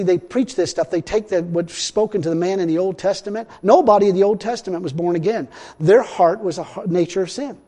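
A man preaching a sermon in a folksy way, repeating himself and swinging between loud and hushed. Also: sits high. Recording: long hall reverb.

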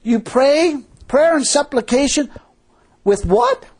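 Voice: high-pitched, big pitch swings, slow, darkish tone. A preacher giving a sermon in a folksy, emphatic, colloquial way, full of rhetorical questions.

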